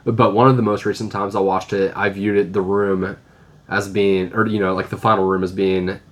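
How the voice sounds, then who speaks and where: A man's voice: low voice, flat delivery, brisk. A man talking about a film in casual chat, hesitant with many fillers. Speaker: podcast guest.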